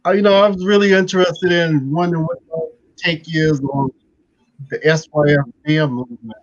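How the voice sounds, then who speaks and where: A male caller with a slightly higher voice speaks hesitantly. He comes through on a muffled call line. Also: fairly even intonation, brisk, no room sound. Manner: hesitant, unsure of the setup. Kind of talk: call-in question.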